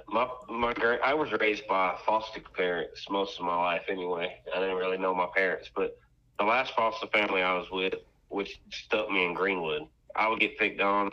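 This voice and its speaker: A man's voice: deep voice, sharp tone. A man in casual chat, laid-back and easygoing, mostly giving short agreeing replies. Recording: dull lo-fi sound.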